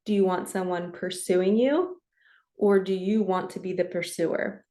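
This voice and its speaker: A woman's voice: on the low side, steady tone, unhurried, mellow. Chatty forty-year-old woman coach. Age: 40s. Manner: chatty and earnest, laughs often, slips into quoted voices. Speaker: spiritual coach and energy reader. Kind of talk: casual monologue to camera.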